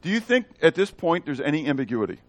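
A man's voice: on the high side, quick pace, no room sound. A man preaching a verse-by-verse sermon, quizzing his listeners and acting out the dialogue in shifting voices. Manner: animated, asks the congregation questions. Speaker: pastor. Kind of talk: expository sermon.

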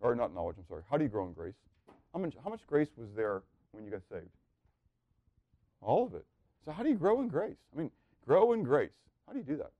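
A man preaching a sermon, asking the room rhetorical questions and swinging from hushed, quiet lines to loud, excited ones. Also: medium pitch, no echo, narrow, tinny audio. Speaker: pastor.

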